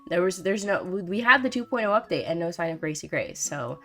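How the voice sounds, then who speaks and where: Chatty low-voiced young woman gamer. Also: expressive, fairly quick, bright, forceful tone, faint music behind. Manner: chatty, rambling, playful, lots of "like" and "um". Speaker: gaming video host. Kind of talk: casual gameplay commentary.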